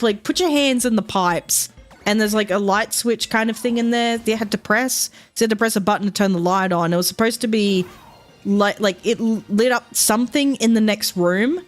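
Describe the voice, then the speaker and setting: A young woman, telling a long story as a streamer, rambling with lots of fillers and quoted asides. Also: medium pitch. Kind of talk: casual storytelling while streaming.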